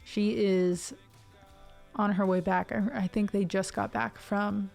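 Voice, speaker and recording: A music streamer from Ohio, a woman in her twenties, talks slowly to her live stream audience, her chat rambling with tangents and fillers. She speaks neutral General American in a medium-pitched voice that is gravelly and a little mellow, with fairly even intonation. Soft music plays in the background.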